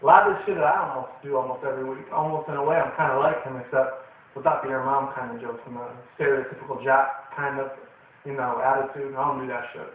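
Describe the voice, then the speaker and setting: A man's voice: mid-range voice, fairly even intonation, fast. A young man giving a casual, rambling, profane cartoon review full of fillers. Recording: echoey distant tinny lo-fi recording.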